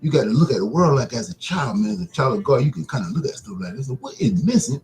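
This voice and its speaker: Mellow-voiced man preaching casually. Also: medium pitch, very animated, rough recording. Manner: repetitive, preacherly, drawn-out phrases. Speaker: broadcast host.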